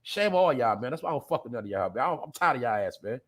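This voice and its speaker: A man hosting a show, ranting bluntly and profanely at his viewers, swinging between loud outbursts and low mutters. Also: big pitch swings, very fast. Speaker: podcast host. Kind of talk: casual profane commentary.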